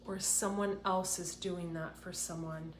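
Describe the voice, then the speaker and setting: A woman with a lowish voice gives an intuitive card reading in a slow, earnest way, near tears. She sounds like she is in an echoey room with faint ambience behind her. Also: steady tone, a little hiss or hum. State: tearful, close to crying. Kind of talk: tarot-style card reading to camera.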